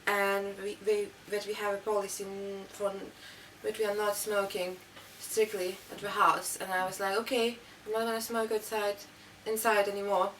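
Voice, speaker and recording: A woman's voice: mid-range voice, little pitch movement, normal speed, few pauses, a bit bright. A young woman, telling a story in a rambling, casual way with many fillers. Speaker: interviewee. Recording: distant mic, faint room noise.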